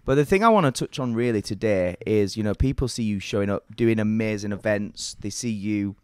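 A man's voice: lowish voice, a little fast, clear, resonant tone, no room sound, clean studio sound. A man hosting a podcast interview, asking encouraging questions in casual chat. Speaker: podcast host.

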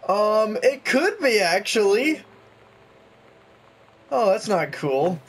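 A man's voice: high-pitched, sing-song, slow pace, breathy edge. A young man chatting and joking through a video game, reading notes aloud as he goes. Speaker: gaming YouTuber. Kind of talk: let's play commentary.

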